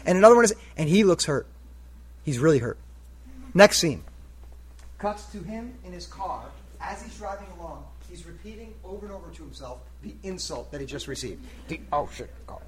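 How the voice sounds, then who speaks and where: Preacher, male, high voice, retells a story to a crowd and keeps asking them questions. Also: slight background noise. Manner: conversational, asks the audience questions. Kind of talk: storytelling sermon.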